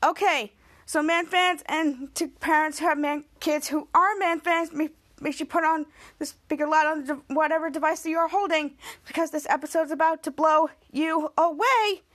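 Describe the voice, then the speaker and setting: Hyped woman podcaster rambling through a recap, high voice. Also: normal speed. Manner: excitable and rambling, with many restarts. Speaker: podcast host. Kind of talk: casual episode recap.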